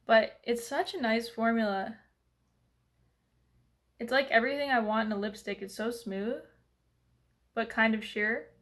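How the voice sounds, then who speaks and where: Casting: woman, beauty vlogger, loose rambling chat, voice a touch high. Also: fairly even intonation, a little slow, pauses often, fairly bright tone. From Canada. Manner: chatty, rambling, filler-heavy. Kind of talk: casual makeup review.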